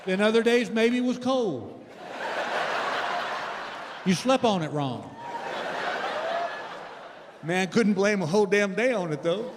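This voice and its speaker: Speaking slowly with frequent pauses, a high-pitched man in his sixties performs stand-up in a theater. He's animated, storytelling and engaging the audience, while a long reverb tail and slight noise color the sound.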